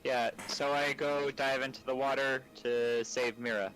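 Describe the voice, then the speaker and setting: A man playing a tabletop game over voice chat, chatty and quick to laugh at himself. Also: mid-range voice, steady tone, fairly bright tone, low-quality recording. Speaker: player. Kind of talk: casual tabletop play.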